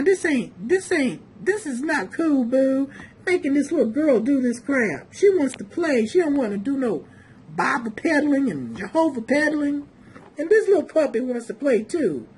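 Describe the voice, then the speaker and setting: A woman talks through pictures in a sassy, teasing way, calling her viewers "boo" and "honey". Her voice is high and she takes her time, dragging out her words. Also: darkish tone. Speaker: video commentator. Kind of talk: casual mocking commentary.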